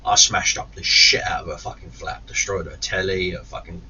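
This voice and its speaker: A man's voice: sits low, steady tone, normal speed, sharp tone. A man telling a long angry story, swearing constantly, stumbling and restarting, putting on raised voices for the people he quotes. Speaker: gaming YouTuber. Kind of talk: storytelling rant. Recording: distant muffled mic with faint hiss.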